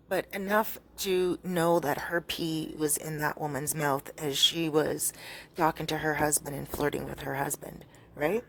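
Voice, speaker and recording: A woman with a notably low voice, chatting her way through a gossipy story. She fills gaps with "um" and "like" and stops to correct herself as she goes. A faint hiss sits under the recording. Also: fairly even intonation, measured pace, vocal fry. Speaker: storyteller vlogger. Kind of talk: casual storytelling.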